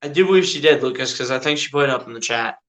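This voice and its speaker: A man giving casual fan-style live play-by-play of a basketball game, chatty and excitable, often tossing in "dude". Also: medium pitch, racing. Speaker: streamer doing live play-by-play.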